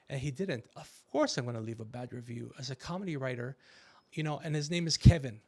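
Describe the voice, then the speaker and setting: A middle-aged man hosting a podcast, telling stories in a casual comedic chat and acting out quotes with animated voices. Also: mid-range voice, fairly quick, vocal fry. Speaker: podcast host.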